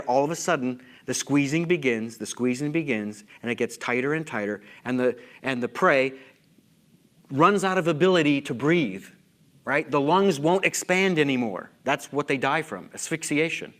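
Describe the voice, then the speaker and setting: A middle-aged man lecturing at a conference, animated and full of rhetorical questions, sometimes losing his place. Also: on the high side. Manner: self-interrupting, loses his place. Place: lecture hall.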